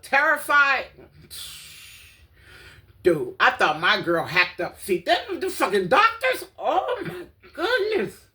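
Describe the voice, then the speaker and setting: Animated woman telling a story with wild laughs. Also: lowish voice. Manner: animated, laughing, swearing, dramatic exclamations. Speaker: vlogger. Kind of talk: casual storytelling vlog. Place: her apartment.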